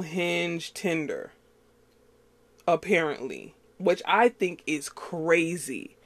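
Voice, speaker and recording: A woman's voice: fairly low pitch, no room sound. A woman from Queens, New York, hosting a casual solo podcast, rambling with lots of fillers and frequent laughs. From Queens, New York City. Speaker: podcast host.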